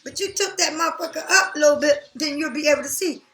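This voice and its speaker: A woman giving a casual tarot reading straight to the viewer, blunt and profane, talking in an animated way. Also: high-pitched, fast talker, reverberant. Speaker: tarot reader.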